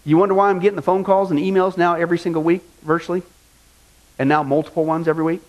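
A male pastor preaching an animated sermon, mocking things he disapproves of and doing quick impressions. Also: fairly high pitch.

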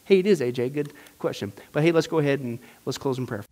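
A male pastor teaching a Bible study class, animated and emphatic, with exclamations and repeated phrases. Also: mid-range voice, fast.

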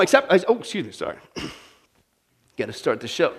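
High-voiced man preaching with humor. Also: brisk, long pauses. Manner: animated, humorous, talks straight to the audience. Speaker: pastor. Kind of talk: sermon.

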